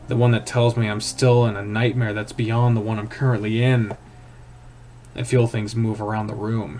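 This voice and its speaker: A man's voice: fairly low pitch, slight background noise. Man narrating a tense horror story. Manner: tense, hushed dramatic reading. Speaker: streamer reading a visual novel. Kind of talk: first-person story narration.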